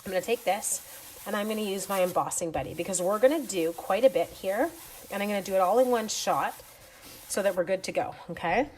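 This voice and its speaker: A woman's voice: mid-range voice, brisk, darkish tone, slight background noise. A middle-aged woman giving a chatty live craft demonstration from her home craft room, greeting viewers as she works. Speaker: stamping demonstrator.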